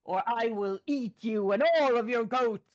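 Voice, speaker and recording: A woman voicing a huge, fanged male mountain troll who threatens in a gruff, lower voice. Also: unhurried, close to an everyday voice. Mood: threatening. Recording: dull lo-fi sound.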